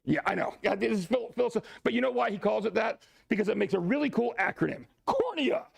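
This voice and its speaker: A man teaching a church class in a lively, joking way, adding asides to the students. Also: high voice, quick pace, gravelly, breathy edge, dry recording. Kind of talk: classroom lecture.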